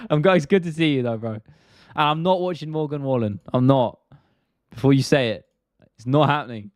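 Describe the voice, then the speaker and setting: A man's voice: a little high, expressive, normal speed, pauses often, dry recording, studio quality. A young British man hosting a live stream, chatting casually and answering viewer questions in a laid-back, rambling, slangy way.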